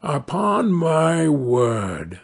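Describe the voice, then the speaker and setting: A man voicing a gullible, slow-talking miller. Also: medium pitch, expressive, breathy edge, exaggerated voice. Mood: amazed. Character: gullible, greedy male miller, easily amazed.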